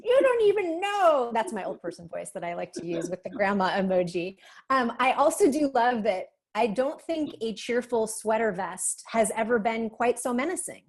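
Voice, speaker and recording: A woman's voice: fairly high pitch, moderate pace. A woman hosting a casual interview, chatty and enthusiastic in her questions. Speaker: interview host.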